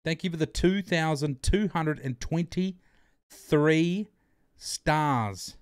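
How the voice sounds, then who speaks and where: A man's voice: a little high, very slow, clear, resonant tone, dry recording, studio quality. A man hosting a casual livestream, bantering crudely, greeting his chat and repeating himself as he plays. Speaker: livestream host.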